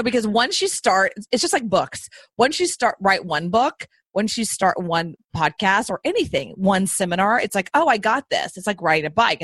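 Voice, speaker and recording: A woman's voice: medium pitch, a bit bright, no room sound. A woman podcast host chatting with a guest in a bubbly, enthusiastic, rambling way. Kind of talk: casual interview chat. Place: Austin.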